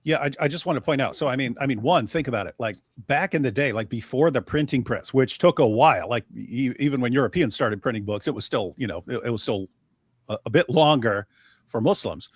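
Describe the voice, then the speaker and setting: Animated, blunt man. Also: mid-range voice, fairly quick, slightly rough, dry recording, clean studio sound. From United States. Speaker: host. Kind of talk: casual live-stream commentary.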